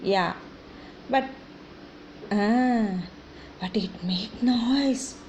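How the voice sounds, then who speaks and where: A woman's voice: fairly high pitch, darkish tone, lo-fi sound, a little hiss or hum. A woman teaching small children animal sounds, coaxing them with questions and imitating the animals. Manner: slow, sing-song, coaxing with questions and animal noises. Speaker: kindergarten teacher.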